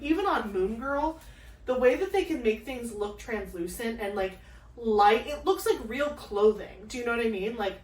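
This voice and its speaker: A young woman chatting casually while unboxing craft kits, gushing and excitable, with lots of fillers and gasps. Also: on the high side. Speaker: crafting vlogger. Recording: echoey room, mic at a distance.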